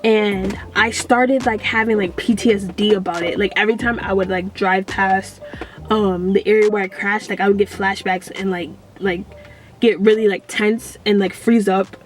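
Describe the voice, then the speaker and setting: A young woman vlogger telling a story in a rambling, animated way with many fillers. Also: medium pitch, normal speed, faint music behind. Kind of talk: storytime vlog.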